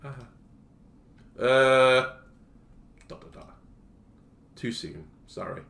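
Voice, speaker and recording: A man's voice: low-pitched, animated, normal speed, a bit bright. A man playing a horror game and making wry, playful asides while reading the story aloud. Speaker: game streamer. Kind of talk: let's play commentary. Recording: echoey room.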